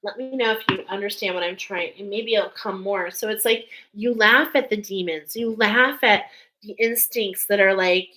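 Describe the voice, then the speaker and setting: A woman's voice: medium pitch, normal speed, bright, forceful tone, poor audio. A woman giving an intuitive spiritual reading to her viewers, rambling with many fillers and getting emotional as she speaks. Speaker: spiritual card reader.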